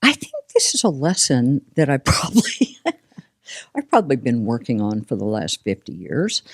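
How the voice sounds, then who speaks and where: Low, lively-voiced older woman. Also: moderate pace, breathy edge, no room sound, studio quality. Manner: expressive, laughs often, animated storytelling. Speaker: podcast co-host. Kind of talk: casual conversation.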